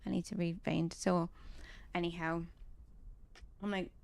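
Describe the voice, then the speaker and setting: A woman's voice: on the low side, little pitch movement, unhurried, creaky, no echo. Chatty woman gaming. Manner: chatty, indignant storyteller. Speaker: gamer. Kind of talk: casual chat while playing a game.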